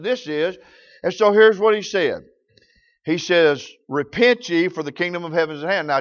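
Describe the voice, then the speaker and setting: A man's voice: a little high, a bit bright, dull audio. A man preaching a sermon, telling folksy stories in rural grammar.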